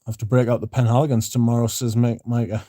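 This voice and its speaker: Dark-voiced man chatting on stream. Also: mid-range voice, little pitch movement, quick pace, no room sound, studio quality. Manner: rambling, laid-back, swears freely. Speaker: livestream host. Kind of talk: casual livestream chat, reading comments.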